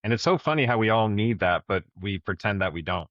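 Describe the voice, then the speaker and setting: A man's voice: on the low side, expressive, a little fast, dry recording, highs cut off. A man co-hosting a podcast, talking openly and reflectively about his own struggles in a candid conversation. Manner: open, reflective, speaks about personal struggles. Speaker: podcast co-host.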